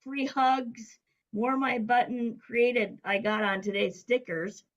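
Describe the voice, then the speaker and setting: Middle-aged woman, interview guest, animated anecdote teller, voices other people when she quotes them. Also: a little high, slow pace, poor audio. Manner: lively storyteller who acts out quoted voices. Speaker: guest, business coach. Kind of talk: casual storytelling interview.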